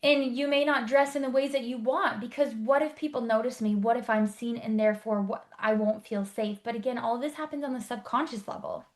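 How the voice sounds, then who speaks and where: A woman life coach teaching an online workshop, explaining briskly and checking in with rhetorical questions. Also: fairly high pitch.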